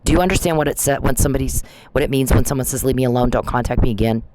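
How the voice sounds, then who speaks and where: A man's voice: mid-range voice, rapid-fire, background noise. A man vlogging, speaking in a confrontational, accusing way straight to someone he blames. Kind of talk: monologue video addressing an absent person.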